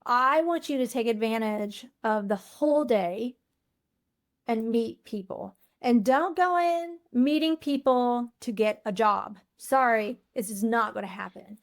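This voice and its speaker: A woman's voice: a little high, measured pace. A woman UX researcher talking as a podcast guest, candid and blunt in casual interview chat.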